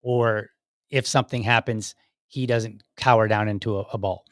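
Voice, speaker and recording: A man's voice: fairly low pitch, fairly even intonation, moderate pace, a bit bright, dry recording, clean studio sound. A man in his thirties hosting a solo talk show, speaking in a conversational way with frequent restarts and asides. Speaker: podcast host.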